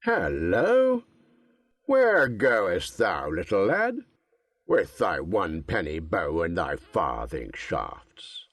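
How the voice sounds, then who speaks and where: A man voicing a rough forester who taunts and jeers, drawing out his words. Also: on the high side, big pitch swings, a little slow, no room sound, pitched above the performer's own voice, full character voice. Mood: taunting. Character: mocking male forester, rough and jeering.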